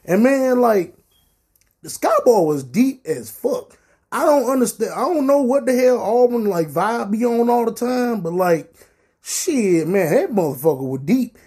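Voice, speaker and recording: Young dude on his podcast, highish mellow voice, cussing a lot, super animated storytelling. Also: breathy edge. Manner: animated, profane, slangy storytelling. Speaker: podcast host. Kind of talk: casual storytelling.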